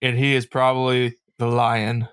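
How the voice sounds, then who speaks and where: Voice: medium pitch, flat delivery, normal speed, clear, resonant tone. A tabletop player talking in a dry, offhand way. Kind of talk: casual tabletop play. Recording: noisy line with clicks.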